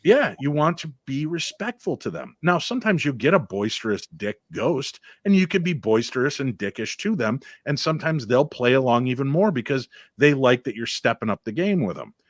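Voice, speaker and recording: A man's voice: mid-range voice, moderate pace, hardly any pauses, no room sound, clean studio sound. A man, a paranormal investigator, telling stories in casual chat and acting out the voices of people he quotes. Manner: animated storyteller, acts out quoted voices.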